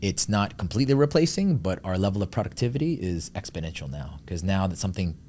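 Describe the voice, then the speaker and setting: A man, a guest on an interview, explaining his work in a quick, confident, salesy way. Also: very animated, a little mellow, slight background noise. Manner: fast, confident pitch-style explaining. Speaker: guest, marketing company founder. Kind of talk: casual interview chat.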